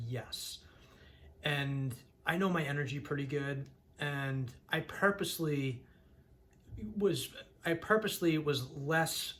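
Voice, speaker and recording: A man speaking to camera about his own experiences, earnest and plain-spoken. His voice sits at an ordinary middle pitch, and he often trips over and restarts his sentences as he goes. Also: a bit bright, a little hiss or hum. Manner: earnest, frequent restarts, rising to heated when recounting anger. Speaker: vlogger sharing his mental health story. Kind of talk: candid personal storytelling to camera.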